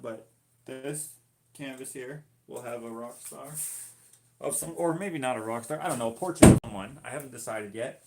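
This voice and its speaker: A man's voice: mid-range voice, moderate pace, gravelly, heavy background noise. A man from Canada painting on a live stream, reading viewer comments aloud and chatting in a rambling, easygoing way that keeps interrupting itself.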